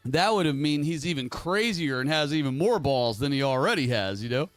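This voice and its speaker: A man's voice: a little high, expressive, brisk, no room sound, faint music behind. A man hosting his own livestream, talking casually in a rambling, emphatic way while reading chat messages aloud. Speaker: livestream host.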